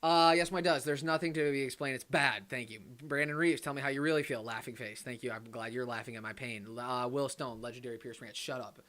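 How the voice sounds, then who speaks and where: A young man hosting a live watch-party stream, reading chat aloud and ranting, swinging between loud outbursts and low muttered asides. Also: brisk, few pauses. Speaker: livestream host.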